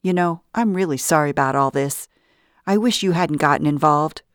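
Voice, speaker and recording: A woman's voice: low-pitched, normal speed, no echo, studio quality, close to an everyday voice. A woman voicing a nervous, uneasy female accomplice in an audiobook, with an anxious, hesitant manner. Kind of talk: audiobook narration.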